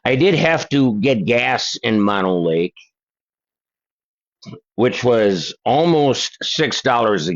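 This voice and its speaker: Older male host, slow and chatty, reads viewer letters. Dull lo-fi sound. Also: medium pitch. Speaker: paranormal channel host. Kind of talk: casual reading of letters and articles.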